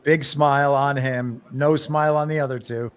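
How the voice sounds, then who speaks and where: A man's voice: medium pitch, steady tone, normal speed, a bit bright, clear, resonant tone. A man hosting a live political commentary show alone, wry and argumentative, often laughing at his own jokes. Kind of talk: live solo commentary stream.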